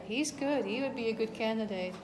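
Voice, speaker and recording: A woman's voice: fairly high pitch, a little fast. A woman in casual chat, giving a dog short commands and cooing sweet baby talk at it. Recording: noisy room recording.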